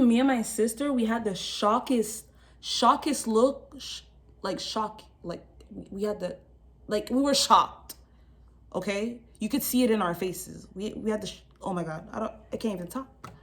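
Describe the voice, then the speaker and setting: A young woman with a fairly high voice tells a casual storytime vlog to her camera. She talks in slang with lots of energy and acts out what people said with sudden jumps in her voice, laughing along the way. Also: normal speed. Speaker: vlogger.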